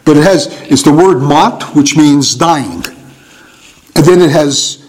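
Musing man preaching, a bit high. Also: darkish tone, rough recording. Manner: musing, halting, with small chuckles. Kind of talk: conversational sermon teaching.

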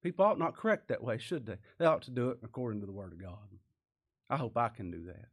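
Man, preaching a sermon, medium pitch, earnest, emphatic, rhetorical questions. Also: very animated, quick pace, husky.

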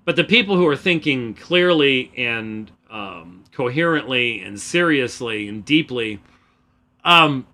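Man host, solo commentary, loud and emphatic, bright voice with lively pitch. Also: unhurried. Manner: emphatic, loud, keeps restarting sentences. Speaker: host of a religious debate program. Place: small room, away from the usual studio. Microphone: microphone close by.

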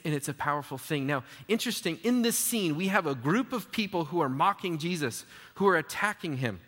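Pastor, male, slightly high voice, animated conversational sermon delivery, church hall reverb. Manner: lively, conversational preaching with acted-out mocking quotes.

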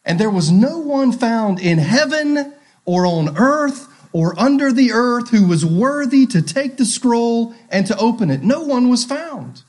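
A man's voice: extremely high pitch, animated, a little slow, darkish tone. A male pastor preaching a sermon, asking rhetorical questions and repeating key phrases.

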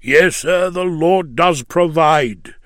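A man's voice: on the high side, slow, a bit bright, no echo, clean studio sound. A man reading a story, voicing a cheerful, devout ninety-year-old man who speaks in plain dialect. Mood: content. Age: older. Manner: plain dialect speech, joyful and earnest.

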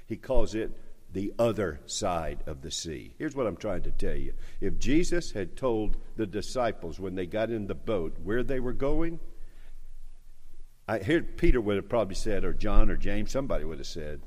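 A male preacher with a South Carolina accent delivering an emphatic sermon, building to forceful repeated declarations. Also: on the low side, big pitch swings, normal speed. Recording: long hall reverb.

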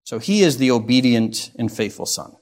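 A man's voice: medium pitch, lively intonation, moderate pace, a little mellow. A man preaching a sermon, reading scripture aloud and asking rhetorical questions in an earnest, expository way.

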